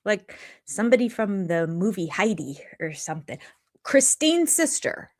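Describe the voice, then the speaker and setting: A woman's voice: mid-range voice, very animated, measured pace. An older woman hosting a live chat from her home, rambling and jumping between topics. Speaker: channel host. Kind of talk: live chat reviewing a reality show. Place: home room.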